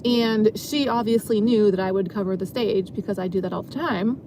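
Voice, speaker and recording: A woman's voice: mid-range voice, normal speed, noisy background. A woman casually telling a long story from her job as a dancer, rambling and filling her sentences with "like". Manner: rambling, filler-heavy, frequent "like".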